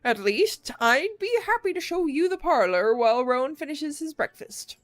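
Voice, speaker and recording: A woman voicing a frail, kindly old man with a gentle, slightly trembling manner in a game reading. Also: high voice, big pitch swings, normal speed, no room sound, voice pushed up.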